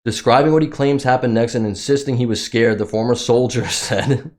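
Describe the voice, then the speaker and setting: A man with a mid-range voice delivering sarcastic news commentary. He reads excerpts aloud in a steady, plain tone and mocks them between passages. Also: mid-range voice, fairly quick, few pauses. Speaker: commentary vlogger.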